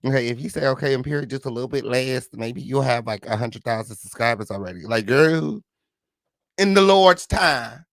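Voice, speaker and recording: A man hosting a casual livestream, greeting viewers with flamboyant, sing-song shout-outs and sassy, profane chatter. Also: mid-range voice, a little fast, gravelly, few pauses, no room sound, clean studio sound. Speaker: livestream host.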